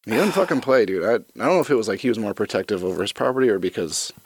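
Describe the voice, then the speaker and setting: A man chatting casually on a podcast, with a gravelly, husky voice and quick reactive remarks. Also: fairly low pitch, lively intonation, dry recording. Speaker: podcast co-host. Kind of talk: casual chat.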